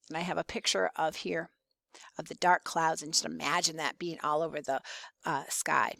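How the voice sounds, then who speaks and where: Woman, Bible teacher, scripture reading, dramatic stresses and pauses, dry close sound. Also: deep voice, steady tone, creaky, bright, forceful tone, no echo. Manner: conversational, with fillers and restarts.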